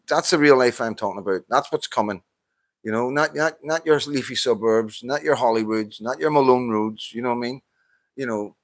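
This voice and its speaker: A man's voice: mid-range voice, a bit bright, no echo. Heated Northern Irish man, dry close sound. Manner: agitated, swears often, stammering restarts. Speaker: vlogger answering a viewer's comment. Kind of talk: heated casual monologue.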